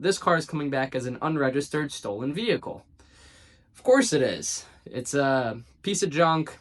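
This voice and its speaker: Man animatedly retelling a story to camera. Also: mid-range voice. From South Jersey, United States. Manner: animated retelling, acting out quoted dialogue with dry asides. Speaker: real estate agent.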